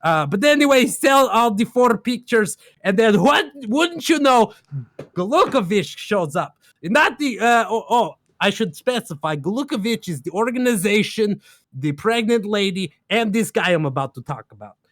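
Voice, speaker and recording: A man's voice: high voice, expressive, normal speed, fairly bright tone, no room sound, studio quality. A man casually recapping a game plot on a stream, rambling in broken grammar with lots of fillers and laughs.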